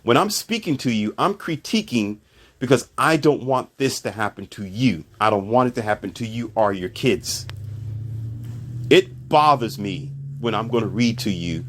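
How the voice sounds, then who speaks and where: A man's voice: on the low side, lively intonation, moderate pace, a little hiss or hum. A man hosting a commentary channel, ranting about society in a sarcastic, emphatic way and repeating his points.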